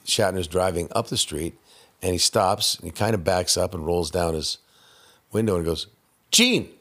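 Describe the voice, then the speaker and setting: A man from Canada, a guest voice actor, telling animated anecdotes in casual chat and slipping into impressions. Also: deep voice, moderate pace. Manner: animated storyteller who slips into impressions.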